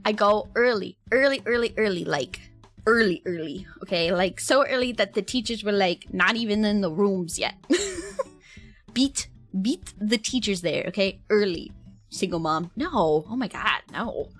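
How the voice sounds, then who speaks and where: A young woman streamer telling a story in a casual, animated way, laughing often and breaking into high squeals. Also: unhurried, soft background music.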